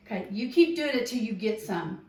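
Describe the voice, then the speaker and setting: A woman teacher slowly and gently coaching a young child, tips for parents, singing a children's song along the way. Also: a little high, expressive, echoey room, poor audio. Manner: slow, gentle and encouraging, sings along. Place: farm, outdoors.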